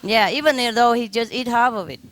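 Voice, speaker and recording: At an ashram gathering, a woman speaks informally as a spiritual teacher, laughing often and using simple, loosely built, non-native English phrasing. Her voice is on the high side and fairly bright, a little fast, with slight background noise.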